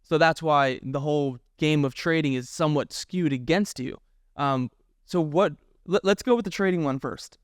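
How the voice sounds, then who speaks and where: A man's voice: a little high, no echo, studio quality. A man hosting a podcast, asking long questions with restarts in a casual way. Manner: halting, restarts questions, quick. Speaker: podcast host.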